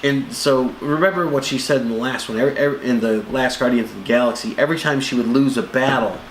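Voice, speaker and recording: Man, movie review co-host, casual chat, animated, echoey room, faint noise. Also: fast. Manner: animated, acts out movie lines in jumping high voices.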